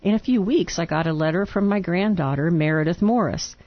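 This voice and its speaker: Low-voiced woman reading a letter on air. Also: brisk, dry recording, muffled recording. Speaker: radio co-host. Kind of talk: reading a listener letter aloud.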